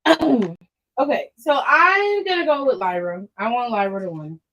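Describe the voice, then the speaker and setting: A woman's voice: a little high, lively intonation, normal speed, sharp tone. A woman co-hosting a wrestling podcast, chatting casually with lots of fillers and giggles. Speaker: podcast co-host. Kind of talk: casual chat.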